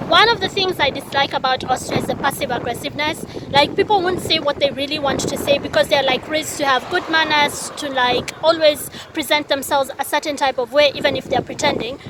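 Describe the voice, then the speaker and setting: A woman from Kenya telling a story in a casual vlog, chatty and animated, laughing often, recorded outdoors by a busy road near the sea. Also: sits high, brisk. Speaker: vlogger. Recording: noisy outdoor street ambience.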